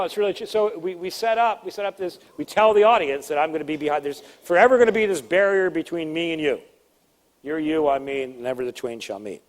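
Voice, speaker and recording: A man giving a presentation-skills seminar in a lively, emphatic, conversational way with playful asides. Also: fairly high pitch. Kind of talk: live seminar talk. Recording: long hall reverb.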